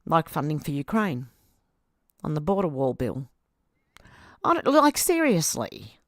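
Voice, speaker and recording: A woman's voice: low voice, huge pitch swings, unhurried, no echo, clean studio sound. A woman with an Australian accent, chatting casually on a live stream as she reads out viewer comments and reacts to them. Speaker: video host reading viewer comments.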